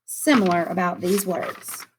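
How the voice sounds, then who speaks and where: Woman teacher doing a phonics lesson for little kids, sing-songy, encouraging, drags words out slow. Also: lowish voice, a little hiss or hum. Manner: sing-song, encouraging, drawn-out classroom phrasing. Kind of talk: phonics lesson for young children.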